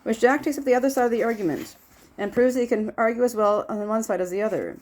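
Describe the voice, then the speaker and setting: A woman's voice: a little high, fast, darkish tone. A woman reading a classic novel aloud as an audiobook narrator. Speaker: audiobook reader. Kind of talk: scripted narration.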